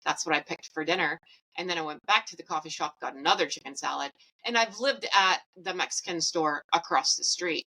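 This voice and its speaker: Lady rambling through her story, kinda low voice but bright and punchy, super candid. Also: brisk, low-quality recording. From Canada. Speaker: podcast host. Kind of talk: personal storytelling.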